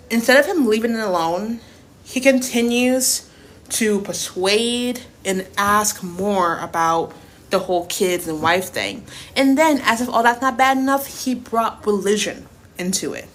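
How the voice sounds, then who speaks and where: A woman's voice: mid-range voice, a bit bright. A woman in her twenties telling a personal story in a casual rant, blunt and profane, repeating points for emphasis. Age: 20s. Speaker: TikTok creator.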